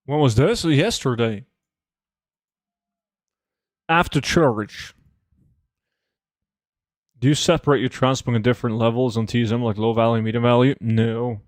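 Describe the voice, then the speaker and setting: Young dude streaming games, chatting w chat, cursing n rambling, dry close sound, unhurried. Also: male voice, mid-range voice, dry recording. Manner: loose, profane, rambling with many fillers. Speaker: game streamer. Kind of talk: casual livestream chat, reading chat messages.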